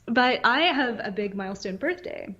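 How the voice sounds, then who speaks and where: A woman's voice: on the high side, lively intonation, normal speed, bright, forceful tone, lo-fi sound. Reflective woman in her late thirties. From northern Virginia. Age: late 30s. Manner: reflective, rambling with many fillers. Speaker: podcast co-host. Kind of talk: casual podcast chat.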